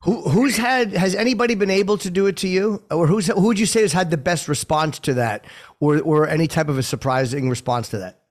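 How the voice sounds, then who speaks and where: A male host with a slightly high, everyday voice, asking questions in a casual interview. He probes his guest with curious, searching questions. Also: fairly quick. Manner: inquisitive, probing questions.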